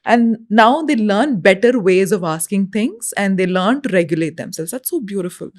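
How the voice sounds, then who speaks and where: A woman's voice: mid-range voice, expressive, moderate pace, no room sound, studio quality. A woman hosting an interview, affirming her guest and asking open questions. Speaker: host.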